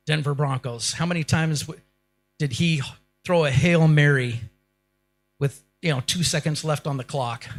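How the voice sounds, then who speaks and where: A keynote speaker with a fairly high, slightly bright voice gives a motivational speech. He fires rhetorical questions at the audience and builds toward short, punchy lines.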